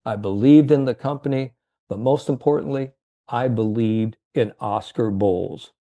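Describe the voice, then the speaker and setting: A man's voice: medium pitch, normal speed, warm tone, natural voice. A man voicing a homespun eighty-six-year-old male door-to-door salesman with plainspoken pride. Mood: earnest.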